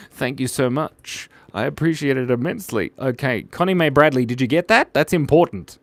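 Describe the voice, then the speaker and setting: A man's voice: mid-range voice, normal speed, few pauses, no room sound. A young man hosting a casual livestream, drawing requests and reading chat aloud in a playful, giggly way.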